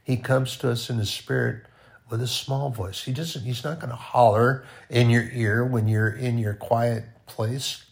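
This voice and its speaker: A man giving an informal, conversational sermon, often dropping to a quiet voice. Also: medium pitch, fairly even intonation, unhurried, gravelly. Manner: conversational, with sudden soft drops to near-quiet. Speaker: preacher.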